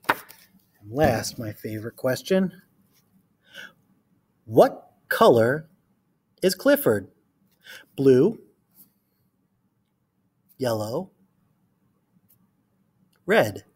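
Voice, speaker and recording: A man's voice: medium pitch, big pitch swings, drawn-out words, pauses often, slightly rough. A man reading a picture book aloud to children, then leading a friendly art lesson with playful quiz questions. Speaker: art teacher.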